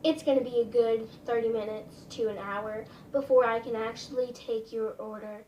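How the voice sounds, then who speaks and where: A woman's voice: on the high side, fairly even intonation, moderate pace, warm tone, slight background noise, close to an everyday voice. A woman quoting a rude, dismissive waitress in a snippy, condescending tone, from a distance in an echoey room.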